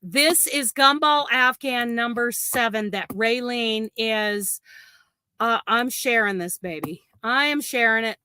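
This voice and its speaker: A woman's voice: a little high, slow pace, bright, forceful tone, smooth, no room sound. A woman hosting a crochet livestream, chatting in a rambling, gushing way and laughing often. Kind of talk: casual livestream chat.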